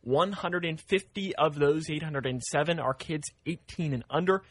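A man's voice: fairly high pitch, normal speed, breathy edge, no room sound. A man hosting a morning radio show, chatting casually and reading news and weather. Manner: relaxed, reads news and weather plainly.

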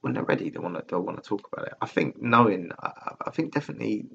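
Deep gravelly man, candid and rambling. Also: animated, fast talker, fairly bright tone, highs cut off. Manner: candid, rambling, swears often, restarts. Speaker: podcaster recording alone. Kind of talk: casual personal monologue. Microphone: laptop recording software.

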